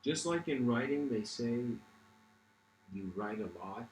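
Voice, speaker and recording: A man's voice: mid-range voice, lively intonation, a little slow, reverberant, slight background noise, poor audio. A man giving a reflective livestreamed lecture. He meanders, restarts often and says "you know" a lot.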